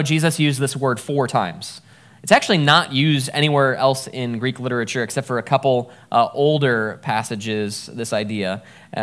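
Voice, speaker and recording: A man in his thirties preaches in a loose, conversational way. He jokes at his own stumbles and keeps the tone plain. His voice sits at an ordinary middle pitch. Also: a bit bright. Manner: casual, self-deprecating, stumbling over words. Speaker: pastor. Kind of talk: conversational sermon.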